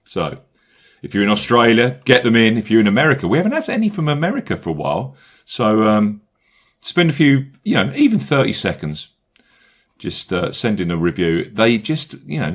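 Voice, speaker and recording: A man hosting a golf betting podcast, who reads the promos briskly and upbeat and then loosens into laughing banter with his co-hosts. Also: on the low side, very animated. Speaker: podcast host.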